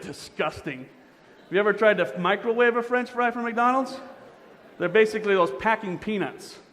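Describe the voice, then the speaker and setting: A man emceeing a pageant, joking playfully and quizzing the audience as he warms up the crowd. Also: high voice. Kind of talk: crowd warm-up banter. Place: large indoor auditorium. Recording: reverberant hall with crowd noise.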